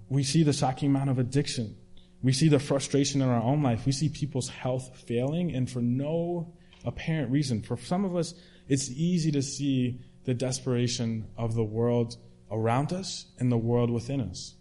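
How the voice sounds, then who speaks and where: A man's voice: mid-range voice, moderate pace, mellow. A man preaching a sermon in a conversational way, retelling a story with restarts and fillers.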